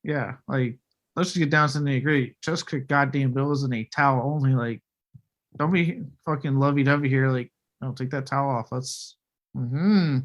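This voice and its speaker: A man's voice: mid-range voice, moderate pace. A man co-hosting a casual movie review podcast, blunt and profane. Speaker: podcast co-host.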